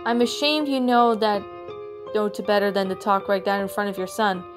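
Woman voicing a high, panicky mother bear. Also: steady tone, moderate pace, over music, close to an everyday voice. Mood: shocked scolding. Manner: shrill, panicky, on the edge of tears.

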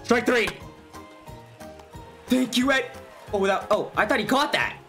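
A young man commentating his own baseball video game, excitable, swearing and yelling at the players. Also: very high voice, measured pace, soft background music. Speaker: gaming YouTuber. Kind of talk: live gameplay commentary.

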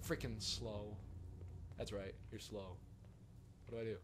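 A man's voice: lowish voice, little pitch movement, normal speed, a little mellow. A man hosting a let's play, joking and grumbling, with mild mock cursing. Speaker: gaming channel host. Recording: commentary over noisy game audio.

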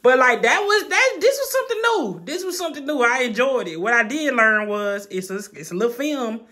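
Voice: high-pitched, sing-song, a little fast, sharp tone. A home cook in a casual cooking vlog, talking in a slangy, joking, laid-back way from a kitchen.

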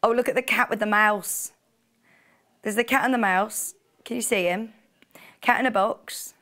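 A woman's voice: fairly high pitch, moderate pace, bright, forceful tone. A woman presenting fabric on a live TV shopping channel, chatty and gushing, with frequent gasps and laughs. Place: TV studio.

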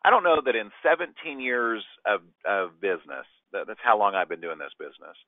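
A man's voice: fairly low pitch, a little fast, no room sound. A man teaching a sales training session, acting out short client exchanges as he goes. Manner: animated, acts out client exchanges. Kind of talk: training talk with role-played dialogue. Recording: dry tinny phone-like line.

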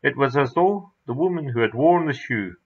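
A man reading his own horror story aloud in a measured, dramatic narration. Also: mid-range voice, expressive, husky. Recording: dull lo-fi recording.

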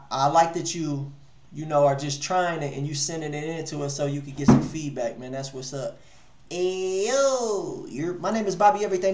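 Dude with a high voice running a music review stream, lots of slang and cussing, echoey room. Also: male voice, darkish tone. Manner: loose, slangy, swears freely. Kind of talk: casual livestream chat.

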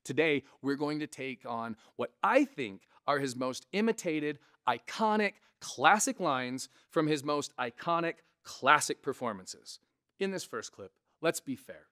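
A man with a resonant voice, a comedian casually teaching impressions to camera, animated and conversational. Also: fairly high pitch, unhurried. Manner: animated, conversational, frequent "right?" asides. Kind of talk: casual instructional talk to camera.

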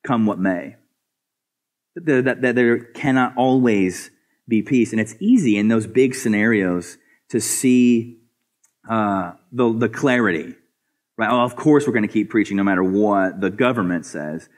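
A male pastor preaching a sermon earnestly, asking rhetorical questions and often repeating words as he builds a point. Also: unhurried. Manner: swings between soft, low asides and raised, higher emphatic passages.

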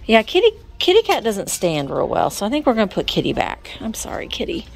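This woman's mid-range voice is gravelly, swings hugely in pitch, and moves a little fast. She's vlogging a thrift hunt through a booth-lined indoor antique mall, chatting casually, addressing the items, and slipping in whispered asides while faint store music plays.

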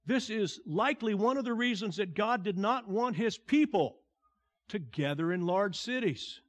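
A man preaching a sermon as a pastor, delivering slow, deliberate lines that fall to a hushed tone and swell on key words. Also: high voice, lively intonation.

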